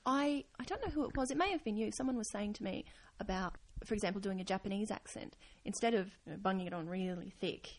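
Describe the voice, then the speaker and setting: Laughing woman, relaxed podcast co-host. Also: mid-range voice, fast, few pauses, slight background noise. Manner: laughs often, quiet asides. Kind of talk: casual chat.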